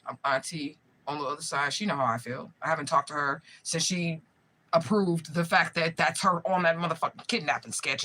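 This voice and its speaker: Her voice is low-pitched and sharp: a woman of about forty, a spiritual medium, delivering a raw, profane, meandering monologue straight to camera. It's an emotional vlog in which she often asks whether people are following her. The recording is rough, with slight background noise.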